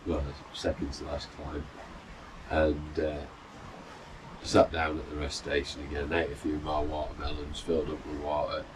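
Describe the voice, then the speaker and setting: Middle-aged man, extremely low voice, chatty rambling storyteller, distant mic, noisy outdoor balcony. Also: completely flat delivery, moderate pace. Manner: rambling, chatty, full of fillers and restarts. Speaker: runner vlogger. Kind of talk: casual storytelling.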